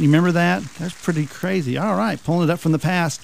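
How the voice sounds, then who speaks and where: A man's voice: a little high, steady tone, fast talker, gravelly. A man hosting a talk radio countdown, chuckling and joking with mocking asides. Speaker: radio talk show host.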